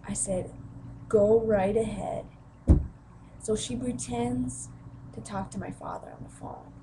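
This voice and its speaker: A young woman vlogs about a family conflict, speaking at a moderate pace in a medium-pitched voice with vocal fry. She tells the story with emotion and performs the quoted voices, over heavy background noise.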